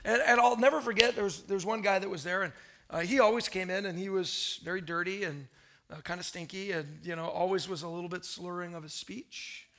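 Male pastor, high and bright, preaching with chatty stories. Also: a little fast. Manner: storytelling, conversational, asks the room. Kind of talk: sermon.

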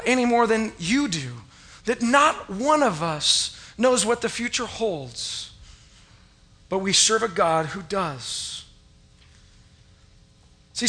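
Middle-aged male pastor with a high, bright voice; storytelling sermon with loud acted-out cries. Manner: storytelling, acts out his past self with loud rising cries.

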